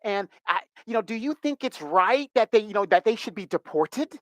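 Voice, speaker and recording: A man's voice: high-pitched, animated, normal speed, dry recording, voice pushed up. A man voicing an earnest young woman friend with a put-on accent, pleading and insistent.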